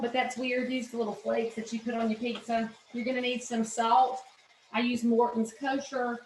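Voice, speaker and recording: Chatting casually through a recipe, this Southern-accented home cook hosts her cooking channel from her own kitchen. Her voice runs a little high, the room sounds roomy with background noise, and her manner is folksy, opinionated and full of "y'all."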